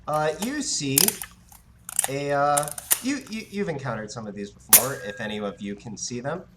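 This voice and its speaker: A man's voice: mid-range voice, lively intonation, moderate pace, very noisy. A man running a tabletop game as game master, chatting casually and narrating, with frequent hesitations.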